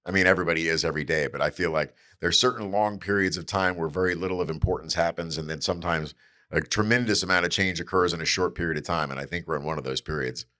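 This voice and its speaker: Man, very low voice, podcast co-host, casual chat, musing, explanatory. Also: fast talker, sharp tone. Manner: explanatory, musing, says "I mean" and "you know".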